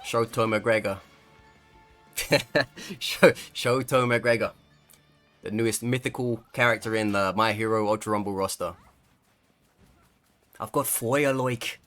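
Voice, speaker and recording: A man's voice: fairly low pitch, slow, pauses often, fairly bright tone, soft background music. Laughing, swearing male game streamer. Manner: joking, swearing, laughing, acts out players' lines. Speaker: gaming streamer. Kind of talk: casual gameplay commentary.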